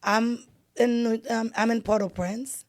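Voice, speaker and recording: A woman's voice: fairly high pitch, fairly even intonation, slow. A middle-aged woman from Haiti, hosting a conversational interview, with frequent affirming interjections. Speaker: host.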